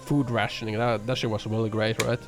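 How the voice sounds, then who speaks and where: A man's somewhat low voice keeps a level tone and moves fairly quickly. He's livestreaming in his apartment over background music, riffing on viewers' comments with sarcasm, profanity, lots of fillers and plenty of rambling.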